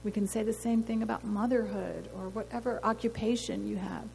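A woman's voice: medium pitch, fairly even intonation, brisk, vocal fry, darkish tone. A woman giving an earnest sermon testimony to a women's gathering, telling a story and asking rhetorical questions. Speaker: women's ministry speaker. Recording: long hall reverb, faint noise.

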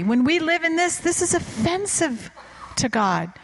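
Emphatic woman preacher, higher voice. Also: moderate pace, vocal fry, rough recording. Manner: emphatic, voice climbing high on key words. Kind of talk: sermon with storytelling.

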